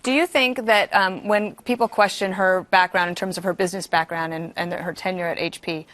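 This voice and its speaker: A woman hosting a TV panel show, steering the talk with brisk questions. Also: fairly low pitch, steady tone, a bit bright. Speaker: host. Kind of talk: TV panel moderation. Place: TV studio.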